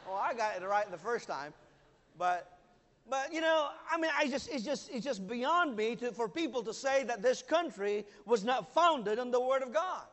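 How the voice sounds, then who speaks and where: High-voiced pastor, earnest and emphatic. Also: male voice, expressive, normal speed, fairly bright tone. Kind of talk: sermon. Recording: long hall reverb.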